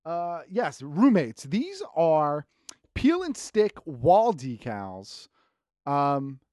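A relaxed man co-hosting a podcast who tosses in jokes and quick banter. His voice sits a bit high and bounces lively up and down. The recording is close and dry. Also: no echo. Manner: joking, laid-back sidekick banter. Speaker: podcast co-host. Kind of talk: casual podcast chat.

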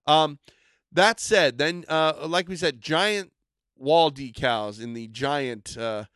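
A man's voice: a little high, slow, fairly bright tone, smooth, dry recording, clean studio sound. An enthusiastic man co-hosting a casual podcast, rambling a bit as he hypes collectible toys and products.

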